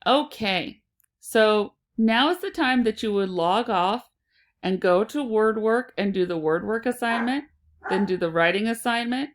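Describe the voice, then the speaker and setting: A woman teaching a phonics lesson to children, sounding out and repeating words slowly and deliberately. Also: a little high.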